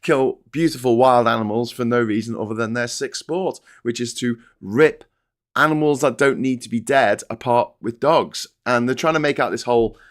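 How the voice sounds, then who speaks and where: This middle-aged British host runs a live stream, reading the chat aloud and offering wry, chatty commentary on the papers. His voice sits at medium pitch with a moderate pace. He's sardonic, mocking headlines in silly voices.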